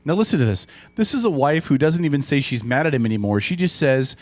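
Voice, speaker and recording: Man, radio host, animated, mocking, profane, lively pitch, comedy talk. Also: normal speed.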